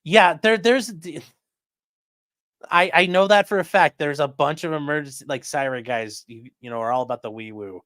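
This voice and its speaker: Chatting loosely on a casual stream, a man reads his viewers' comments aloud in a slightly high, fairly bright voice at a moderate pace. The studio-quality recording has no room sound.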